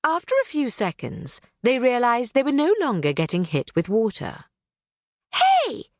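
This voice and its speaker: A woman's voice: fairly high pitch, normal speed, no echo, studio quality. A woman reading a children's book aloud in a storytelling manner. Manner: animated, storytelling. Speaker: audiobook narrator. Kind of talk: scripted narration of a children's book.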